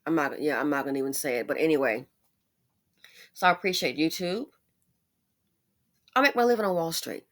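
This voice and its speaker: A woman with a fairly low voice talks through her commentary in a loose, chatty way. She gets animated in her asides and keeps a conversational tone throughout. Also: a little fast, pauses often. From United States. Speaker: commentary YouTuber. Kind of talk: casual commentary monologue.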